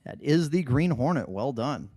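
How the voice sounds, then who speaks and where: A man's voice: medium pitch, lively intonation, moderate pace, darkish tone, no room sound. A man hosting a casual podcast trivia game, joking and laughing easily as he reads out the questions. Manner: laughs often, loose and joking. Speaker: trivia quiz host.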